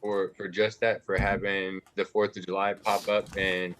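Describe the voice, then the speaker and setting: A man's voice: low voice, flat delivery, moderate pace, background noise. A man from the United States, a guest on a casual livestream chat, easygoing and laughing often. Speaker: guest, project founder.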